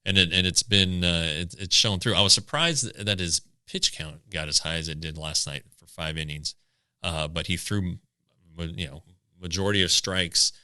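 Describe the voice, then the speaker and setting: A man co-hosting a podcast, chatting casually about a pitcher's numbers, with many halting restarts. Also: sharp tone, smooth, dry recording. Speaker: podcast co-host. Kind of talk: casual sports chat.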